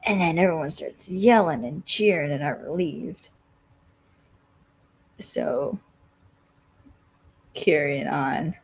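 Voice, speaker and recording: A podcast co-host casually recapping a TV episode, rambling and filling every pause with "like.". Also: mid-range voice, vocal fry, slightly rough, low-quality recording. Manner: rambling, constantly says "like".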